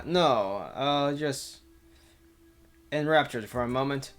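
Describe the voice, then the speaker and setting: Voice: mid-range voice, expressive, unhurried, faint music behind. A streamer reading a visual novel aloud in a casual, giggly way, stumbling and restarting over words between bits of chat. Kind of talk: casual visual novel read-through with commentary.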